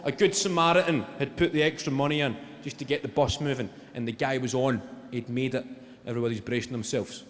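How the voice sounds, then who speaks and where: A man with a Glaswegian Scottish accent performing a stand-up comedy routine, telling dry stories that break into shouted impressions. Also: mid-range voice, brisk. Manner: deadpan storytelling that bursts into shouted impressions. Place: large theatre stage. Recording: live theatre with long reverb, audience noise. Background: audience laughter.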